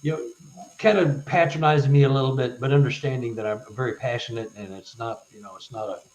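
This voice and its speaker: Male guest storyteller, halting delivery with stuttered restarts, roomy echoey sound. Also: mid-range voice, lo-fi sound. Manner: halting, stuttered restarts, animated when retelling events. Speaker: guest, author. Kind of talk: casual storytelling in a live interview.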